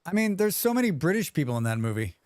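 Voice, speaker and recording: A man's voice: on the high side, very animated, quick pace, a little mellow, dry recording. A man streaming a survival game live, chatting casually, reading viewer comments aloud and humming to himself as he plays. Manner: chatty, reads chat aloud and hums to himself.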